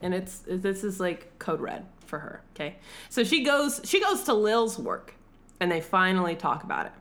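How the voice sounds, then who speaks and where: A woman's voice: fairly low pitch, sing-song, moderate pace, fairly bright tone. A woman co-hosting a podcast, retelling a film in a loose, profane, laughing way. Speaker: podcast co-host. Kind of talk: casual film recap chat.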